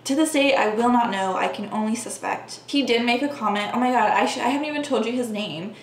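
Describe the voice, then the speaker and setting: A woman vlogger with a fairly high voice talks fast as she earnestly shares her personal story with the camera. She speaks casually with frequent "like" fillers, in an echoey room with a faint background hum.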